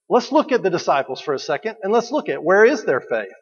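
A man's voice: high voice, sing-song, fast talker, slightly rough. A man preaching a sermon in a conversational way, asking the listeners questions and repeating key phrases. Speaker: pastor. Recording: dull recording with long hall reverb.

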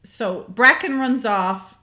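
A woman's voice: a little high, takes it slowly. A woman in casual chat recapping a movie scene by scene, giggling often and acting out bits of dialogue. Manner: giggly, animated, retells scenes with quoted voices.

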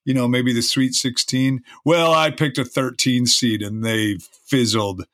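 A man's voice: medium pitch, fairly even intonation, unhurried, a bit bright, dry recording, clean studio sound. A man co-hosting a podcast, chatty and teasing as he riffs on holidays and sports. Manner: teasing, chatty, talks through sports trivia. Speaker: podcast co-host. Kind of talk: casual podcast chat.

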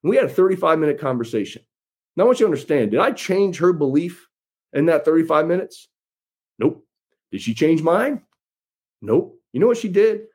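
A political candidate addresses his followers in a campaign speech, folksy and emphatic, repeating phrases for effect. His voice sits on the high side and is sing-song and fairly quick, with long pauses, a slightly mellow quality and a touch of roughness.

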